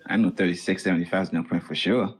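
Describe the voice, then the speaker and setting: Husky animated man with a Boston accent. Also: low voice, fast talker, poor audio. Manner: animated, chanting and coaching. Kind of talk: live trading stream chat.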